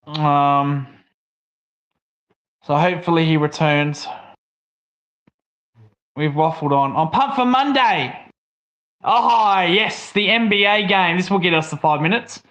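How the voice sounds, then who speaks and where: A man's voice: fairly high pitch, steady tone, slow, pauses often, fairly bright tone. A young Australian man co-hosting a livestream, chatting casually and ranting with lots of swearing. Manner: swears a lot, rants. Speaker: livestream co-host. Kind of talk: casual stream chat.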